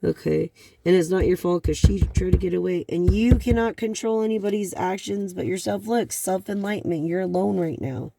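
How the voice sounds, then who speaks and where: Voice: medium pitch, normal speed, vocal fry, warm tone. A tarot reader giving a card reading to a viewer, rambling along with many fillers and sighs.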